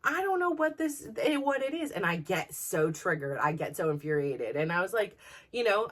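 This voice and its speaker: A woman's voice: fairly low pitch, big pitch swings, moderate pace. A woman in her forties, hosting a podcast, venting in a rambling personal monologue full of fillers. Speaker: podcast host.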